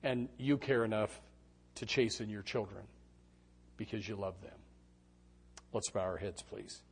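A middle-aged man preaching a sermon, telling stories with sudden shouted quotes. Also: lowish voice, measured pace, vocal fry, breathy edge. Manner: animated storytelling with shouted quotes. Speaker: pastor.

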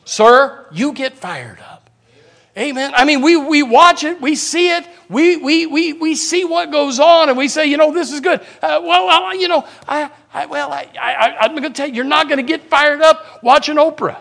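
A man preaching a sermon as pastor, fiery, swinging from loud shouts to quiet asides, with stammering restarts. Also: extremely high pitch, normal speed, vocal fry, hardly any pauses. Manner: repeats words, stammering restarts.

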